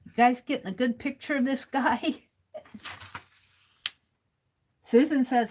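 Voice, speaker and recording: A woman's voice: high-pitched, fairly even intonation, moderate pace, darkish tone, slight background noise. A woman hosting a livestream, reading viewers' comments aloud and chatting casually while she writes. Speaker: livestream host.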